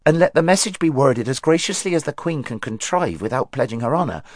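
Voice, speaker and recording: A man voicing an excitable male fawn who talks eagerly and impatiently in a storybook reading. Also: mid-range voice, brisk, no echo, studio quality, pitched above the performer's own voice, close to an everyday voice.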